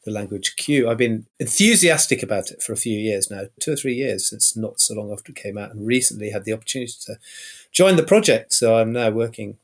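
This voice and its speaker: A man's voice: lowish voice, animated, a little fast. A man chats as a podcast guest, dry and understated. He often restarts his sentences before landing his point. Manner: dry wit, hesitant restarts. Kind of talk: casual podcast chat.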